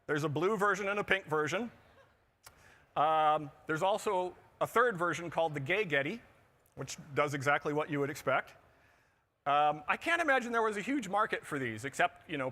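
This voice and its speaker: A man's voice: fairly high pitch, pushed and bright. A middle-aged man giving a humorous conference talk, with wry jokes and asides. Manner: wry, joking delivery with asides. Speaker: conference speaker. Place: conference pavilion on a show floor.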